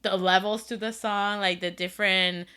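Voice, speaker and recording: A woman's voice: mid-range voice, steady tone, moderate pace, bright, forceful tone, clean tone. A woman co-hosting a casual pop music podcast, gushing about songs with lots of filler words. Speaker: podcast co-host. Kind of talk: casual chat.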